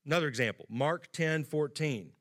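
Bright-voiced male preacher. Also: a little high, normal speed. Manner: conversational, acts out quoted lines with rising emphasis. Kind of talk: sermon.

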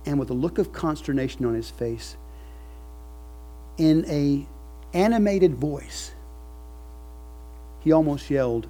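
Husky-voiced male preacher. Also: on the high side, slow pace, pauses often. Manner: builds from quiet reflection to loud emphatic preaching. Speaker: pastor. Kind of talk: sermon.

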